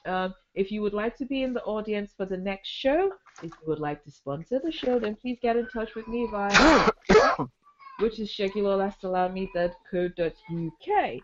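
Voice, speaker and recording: A woman hosting a podcast in casual chat, slightly hoarse from a cold, chatty, with many ums and easy laughter. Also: mid-range voice, big pitch swings, moderate pace, muffled recording, slight background noise. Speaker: podcast host.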